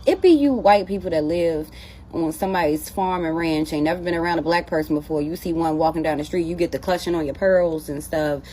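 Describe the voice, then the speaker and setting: A woman's voice: deep voice, a little fast, dark tone, slight background noise. A woman giving sassy, teasing commentary straight to camera, calling her listeners baby. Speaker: social media commentator.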